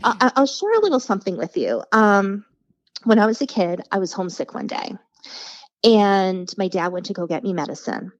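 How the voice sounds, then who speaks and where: A woman's voice: mid-range voice, moderate pace, no room sound, dull audio. A woman telling stories as a podcast guest in casual chat, acting out the voices of people she quotes. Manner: animated storyteller, acts out quoted voices.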